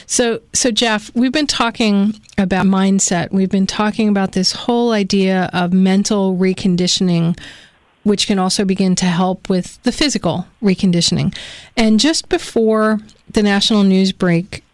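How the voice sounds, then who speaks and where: A woman's voice: mid-range voice, fairly even intonation, normal speed, no echo. An American woman hosts a live radio talk show in an effusive, enthusiastic way. Her voice sits in a middle range and sounds dry and close, with no room around it.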